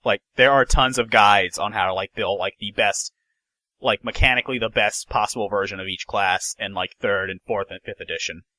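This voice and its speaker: Bright-voiced man chatting about gaming news. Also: fairly low pitch, a little fast, no echo, low-quality recording. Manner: rambling, many restarts and fillers. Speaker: podcast host. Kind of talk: casual gaming news chat.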